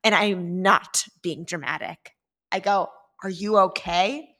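Woman host, casual podcast chat, animated storyteller with a bright tone, laughs a lot. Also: on the low side, takes it slowly. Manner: reads texts aloud dramatically, laughing often.

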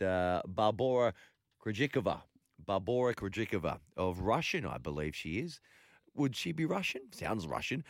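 A man's voice: on the low side, no echo, clean studio sound. A man with an Australian accent hosting late-night sports radio, casual and rambling, with lots of ums and uhs. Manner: laid-back, rambling, full of ums and uhs. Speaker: radio host. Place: radio studio.

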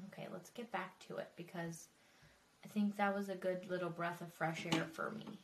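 A woman's voice: lowish voice, fairly even intonation, normal speed, echoey room, distant mic, noisy background. A woman hosting a true crime podcast, talking casually with frequent swearing and emotional asides. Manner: chatty, swearing, emotional and tearful. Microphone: desk microphone.

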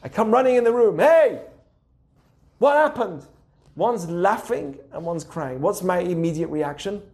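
A young adult man hosting a casual teaching podcast, animated and acting out the voices he quotes. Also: high-pitched, moderate pace. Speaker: podcast host.

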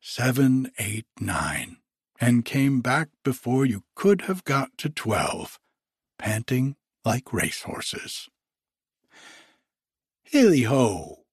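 Slow, husky man reading a story aloud. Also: medium pitch, very animated, dry recording, studio quality. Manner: slow, measured delivery. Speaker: narrator.

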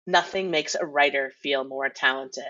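A woman's voice: a bass voice, moderate pace, pushed and bright, slight background noise. A woman who is a writer and showrunner, chatting animatedly on a podcast and laughing often. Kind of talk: casual podcast chat. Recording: dull lo-fi sound.

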